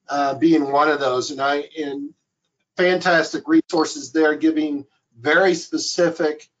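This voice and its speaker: A man presenting resources during an online webinar, listing them in a steady way. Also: on the high side. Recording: lo-fi online call audio.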